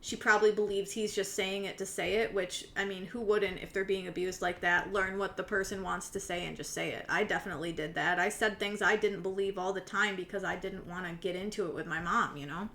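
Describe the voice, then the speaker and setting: A woman's voice: mid-range voice, fairly even intonation, fairly quick, hardly any pauses, fairly bright tone. A woman giving casual commentary on a case in a conversational way, with many fillers and a tone of disbelief. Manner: conversational, frequent "like" fillers, incredulous. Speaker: commentary youtuber.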